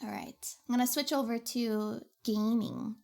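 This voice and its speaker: Chatty gamer girl streaming from home, high voice that jumps all over, lots of giggles. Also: big pitch swings, measured pace, creaky, mellow. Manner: bubbly, giggly, chatty with chat. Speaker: livestreamer. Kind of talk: casual livestream chat.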